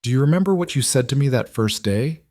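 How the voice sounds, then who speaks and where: A man voicing a gentle frontier wife. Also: mid-range voice, expressive, fast, dry recording, clean studio sound, voice pushed up, close to an everyday voice. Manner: soft, tender quoted dialogue. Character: grown frontier woman, gentle and steady.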